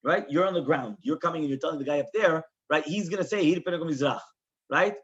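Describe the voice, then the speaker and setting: A man's voice: on the high side, quick pace, breathy edge, muffled recording. A man teaching a Talmud class as a rabbi, explaining the text with lots of rhetorical questions and quoted Hebrew and Aramaic.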